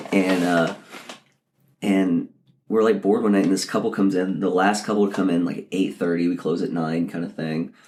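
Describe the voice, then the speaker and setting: Man, very low voice, rambling, lots of fillers, podcast co-host. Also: fairly even intonation, normal speed, a little mellow, slight background noise. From Texas. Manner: rambling with many fillers and laughs. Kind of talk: casual storytelling chat.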